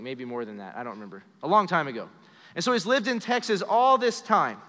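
Earnest preaching man in a reverberant church. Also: a little high. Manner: earnest preaching, drops to a soft hush in personal stories. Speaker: pastor. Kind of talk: sermon. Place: church sanctuary during a live service.

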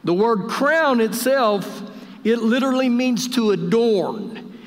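High-voiced man preaching in a reverberant church. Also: very animated, takes it slowly. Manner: jovial, preacherly, addresses congregation directly. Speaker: pastor. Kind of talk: live Sunday sermon. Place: church sanctuary during service.

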